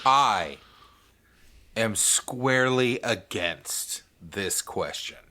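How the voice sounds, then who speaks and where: A man co-hosting a casual gaming podcast, blunt and joking with some swearing. His voice is bright and forward, and his pitch swings widely as he riffs. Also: expressive, drawn-out words. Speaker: podcast co-host.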